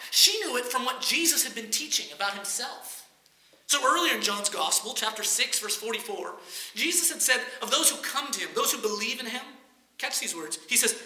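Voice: medium pitch, expressive, fairly quick, sharp tone, roomy sound. A preacher delivering an expository sermon in a conversational teaching manner.

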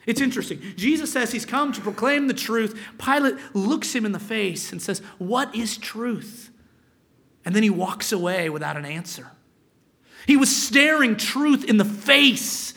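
A man's voice: high voice, a bit bright. A male pastor preaching a sermon, reading scripture aloud and explaining it, sometimes dropping to a whisper for emphasis.

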